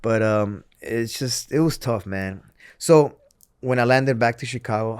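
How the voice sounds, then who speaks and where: A man's voice: mid-range voice, measured pace, a little mellow, clean tone, dry recording, clean studio sound. A man, a former pro wrestler, speaking as an interview guest and retelling his story in an earnest, candid way, often restarting his sentences.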